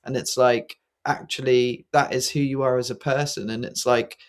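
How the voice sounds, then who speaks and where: A male podcast host who muses aloud in long, winding thoughts, peppered with "you know" and "like." His voice sits at an ordinary middle pitch, and the delivery stays relaxed and conversational. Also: moderate pace. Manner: reflective, rambling with many fillers. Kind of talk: casual conversation.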